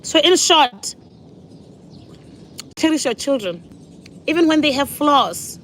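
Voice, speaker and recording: A woman's voice: high-pitched, expressive, slow pace, fairly bright tone, slight background noise. A woman in her forties, a mother and vlogger, chatting casually to her viewers at home and laughing often. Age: 40s. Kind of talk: casual sit-down chat.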